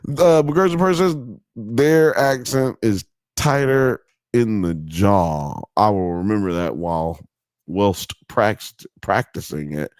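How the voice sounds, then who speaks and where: A man's voice: fairly low pitch, slow, no echo. A man hosting a live stream, reading chat comments aloud in a casual, joking way with frequent laughter and swearing. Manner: animated, laughing, mock accents, swearing.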